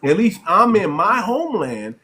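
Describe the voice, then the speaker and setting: A man hosting a heated live stream debate, forceful and repetitive, often cutting in with "listen" and "hold on.". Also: high voice, very animated, normal speed, slight background noise. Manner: forceful, repeats words, interrupts. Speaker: host.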